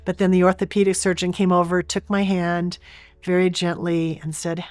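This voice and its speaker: A woman's voice: fairly low pitch, level tone, moderate pace, a little mellow, no room sound. A woman guest in an interview, earnestly and vividly retelling a personal experience.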